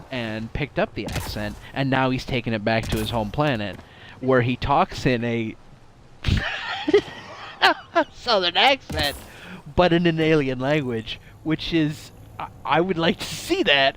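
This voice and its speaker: A man's voice: on the high side, a bit bright, slight background noise. A man casually commenting on a video game he is playing, joking playfully and laughing often. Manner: playful and jokey, laughs often, mock-dramatic asides. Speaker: game streamer. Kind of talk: casual let's-play commentary.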